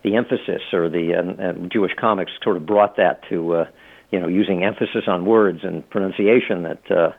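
A middle-aged man speaks in a fairly low voice, telling stories in a loose, rambling way full of fillers and restarts. He is a guest in a casual interview. The sound is thin and tinny, as if coming down a phone line. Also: fairly even intonation, moderate pace, gravelly. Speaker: author and law professor, guest.

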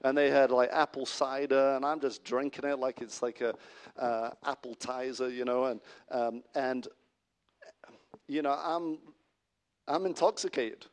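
A middle-aged man preaching a sermon as pastor, animated and swinging between loud exclamations and soft asides, with frequent restarts. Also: medium pitch, unhurried.

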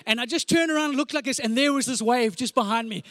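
A man in his forties, a pastor preaching with animated, comic storytelling, sound effects and repeated phrases. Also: very high-pitched, fast, no room sound. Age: 40s. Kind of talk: storytelling sermon.

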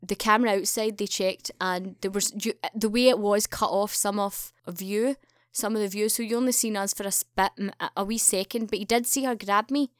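A young woman on a podcast as a guest talks a little fast, telling an animated story and voicing the quoted dialogue at a raised pitch. The audio is studio quality with no echo.

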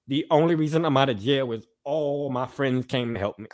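A man's voice: mid-range voice, a little fast, few pauses, a little mellow. Emotional, apologetic male podcast co-host. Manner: emotional, apologetic, profane, repetitive. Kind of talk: emotional personal monologue.

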